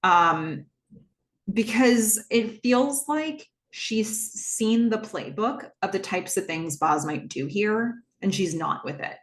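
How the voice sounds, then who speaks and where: A woman's voice: medium pitch, lively intonation, takes it slowly. A woman hosting a podcast, casually retelling a TV episode scene by scene, with many "like"s and ums. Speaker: podcast host.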